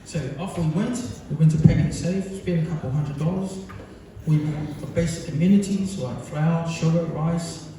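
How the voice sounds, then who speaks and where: A New Zealand man with a fairly high, mellow voice talks at normal speed, giving a birthday speech as the son. He rambles through funny stories packed with fillers before a gathering in a large function hall, and the sound is echoey and distant.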